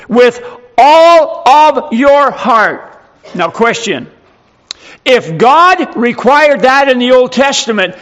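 A man's voice: very high-pitched, fairly bright tone. A male pastor preaching a sermon, emphatic and full of rhetorical questions.

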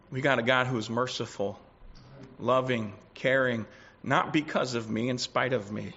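A man preaching a sermon, swinging between loud declarations and quiet asides. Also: mid-range voice, fairly even intonation, moderate pace, slightly rough. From United States. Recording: dull lo-fi recording.

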